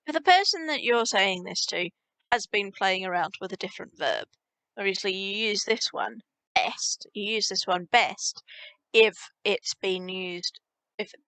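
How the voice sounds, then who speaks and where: A woman teaching a spoken language lesson casually, repeating example phrases slowly and clearly for learners to practise. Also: medium pitch, fairly bright tone, no room sound.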